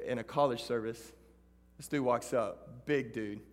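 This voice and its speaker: A man with a Texan accent preaching a sermon to students, animated, moving from loud calls to the audience to hushed storytelling. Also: medium pitch, normal speed. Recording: hall reverb.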